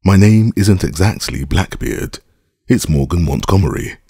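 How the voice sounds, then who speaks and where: A man voicing an elderly male pirate captain, hearty and amused, with a gruff manner. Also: low voice, animated, unhurried, warm tone, no echo, studio quality, pitched above the performer's own voice, full character voice. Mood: jovial. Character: old male pirate captain, jovial, insistent.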